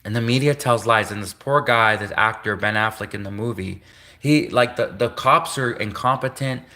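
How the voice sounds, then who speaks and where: A man hosting a live stream in a bright, forceful voice. He rambles and repeats himself in a conspiratorial tone. He keeps cutting himself off mid-sentence to correct himself. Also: fairly low pitch, normal speed. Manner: rambling, repetitive, conspiratorial, self-interrupting. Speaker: livestream host.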